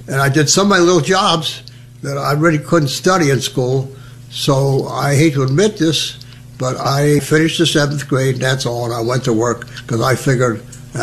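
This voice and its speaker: An older man from New Jersey, telling his wartime memories as a lively storyteller who acts out the voices. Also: mid-range voice, slight background noise. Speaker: veteran recounting memories. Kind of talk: oral history storytelling.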